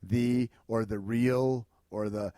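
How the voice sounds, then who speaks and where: A man hosting a casual podcast, talking in loose, profane, rambling rants full of jokes. His voice sits at an ordinary pitch and sounds close and dry, with no room around it. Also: fairly even intonation, slow pace, dark tone, no room sound. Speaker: podcast host. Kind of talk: casual chat.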